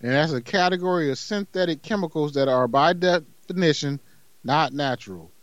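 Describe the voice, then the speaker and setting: A man's voice: fairly high pitch, normal speed, no room sound, muffled recording. A man co-hosting a podcast, chatting casually and teasing, stretching out long words syllable by syllable. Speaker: podcast co-host. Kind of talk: casual comedic chat.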